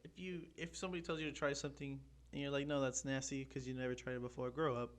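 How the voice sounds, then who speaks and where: A man's voice: medium pitch, rapid-fire. A young man co-hosting a casual podcast chat, joking, swearing freely and laughing often. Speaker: podcast co-host.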